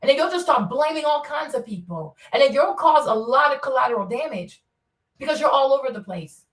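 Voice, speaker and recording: A woman's voice: high-pitched, lively intonation, fairly quick. A middle-aged woman hosting a solo commentary, talking in an emphatic, repetitive, lecturing way. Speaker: commentary show host. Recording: echoey room, mic at a distance.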